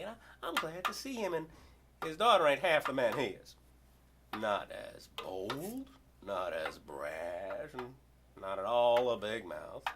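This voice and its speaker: An older man performing a story poem dramatically, swinging from loud outbursts to hushed whispers. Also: a little high, noisy background.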